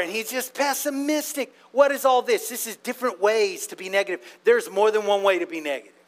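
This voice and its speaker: A man's voice: high voice, smooth. A man preaching a sermon in a conversational, playful way, often asking the congregation questions.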